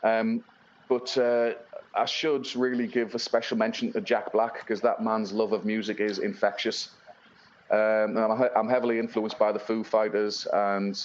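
A man's voice: lowish voice, muffled recording, a little hiss or hum. A man from England, a blues-rock musician, chatting casually in an interview and rambling with many fillers and restarts. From Northeast England.

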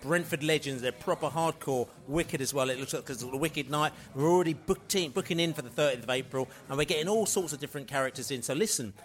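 A man's voice: on the high side, quick pace, few pauses. A man hosting a podcast, eagerly plugging a fan night out. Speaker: podcast host. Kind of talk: promotional chat.

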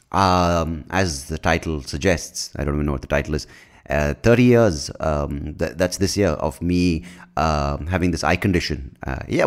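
A man hosting his own podcast in a casual, rambling monologue, self-mocking, swearing freely and tripping over his words. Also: low voice. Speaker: podcast host.

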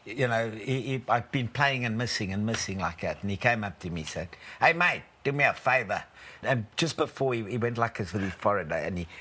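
Man, podcast guest, rambling anecdote, bright voice. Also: on the low side, fairly quick, few pauses, husky. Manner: rambling storyteller with restarts, chuckling. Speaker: podcast guest, former batsman. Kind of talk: casual chat, anecdote.

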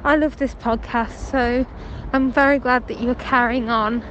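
A woman's voice: a little high, steady tone, measured pace, lo-fi sound, heavy background noise. A young woman from England leaving a chatty voice note while walking down the street, telling a story in an amused way. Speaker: caller leaving a voice message. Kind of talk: casual voice note. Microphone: phone.

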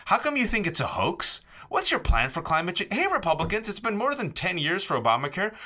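Male podcast guest host, combative and emphatic, animated bright delivery. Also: high-pitched, a little fast. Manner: combative, rhetorical questions, emphatic. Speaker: guest host, political columnist. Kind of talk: heated political podcast discussion.

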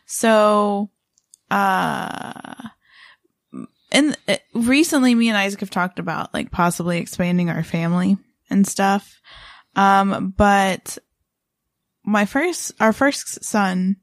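A woman's voice: medium pitch, dry recording, studio quality. A woman co-hosting a podcast, telling a story in a rambling, casual way with lots of fillers and restarts. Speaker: podcast co-host.

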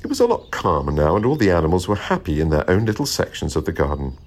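A man reading a children's storybook aloud in a gentle, expressive way. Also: low voice, fast.

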